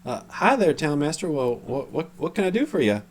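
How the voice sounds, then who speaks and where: A man's voice: fairly high pitch, very animated, brisk, slight background noise, voice pushed up. A man voicing a flustered townswoman. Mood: puzzled. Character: puzzled middle-aged female town shopkeeper, later cold killer.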